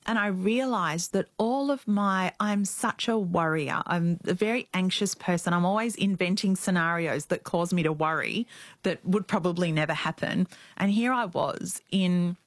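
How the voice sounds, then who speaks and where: A woman's voice: mid-range voice, animated, unhurried, no room sound. A woman in her forties, a guest, telling a very personal story in an earnest, reflective way. Her voice rises when she quotes her own thoughts.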